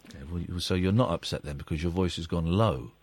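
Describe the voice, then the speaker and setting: Blunt, husky radio host man. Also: low-pitched, fast. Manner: blunt, argumentative. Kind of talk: phone-in radio talk. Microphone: studio microphone.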